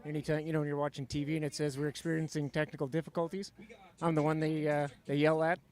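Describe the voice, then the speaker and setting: A man's voice: on the high side, flat delivery, fast talker, darkish tone. Modest male broadcast engineer. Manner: modest, laughs, many "uh"s. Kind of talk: interview answers.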